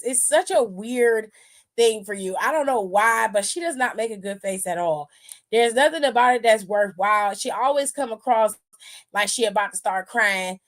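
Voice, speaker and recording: A woman hosting a casual commentary stream, sassy and profane, with frequent laughter. Her voice sits a little high. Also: animated, normal speed, a bit bright. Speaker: wrestling aftershow host.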